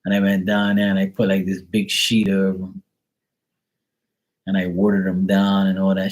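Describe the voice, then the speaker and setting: A tarot reader on a live stream, this man has a low voice with a completely flat delivery at normal speed. He chats casually and is blunt, profane and rambling, telling long, wandering stories full of swearing.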